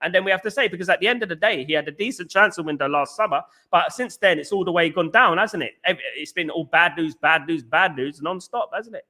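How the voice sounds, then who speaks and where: A man's voice: high-pitched, fast, hardly any pauses, pushed and bright. A man hosting a football fan live stream, answering chat and ranting with strong opinions, often repeating himself. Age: adult. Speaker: football fan channel host.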